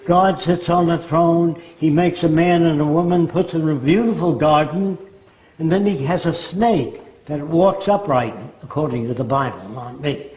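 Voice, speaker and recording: Speaking at a normal speed in a voice on the high side, an older man lectures in monologue form. He mimics quotes with a mocking, sardonic edge. The room is echoey and the sound dull and lo-fi.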